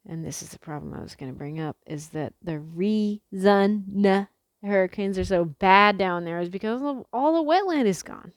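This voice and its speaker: Young woman vlogger, low pitch, dry close sound, loose sweary chatty delivery. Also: dry recording. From Pacific Northwest. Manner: chatty, swears freely, frequent fillers and restarts. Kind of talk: casual rambling monologue.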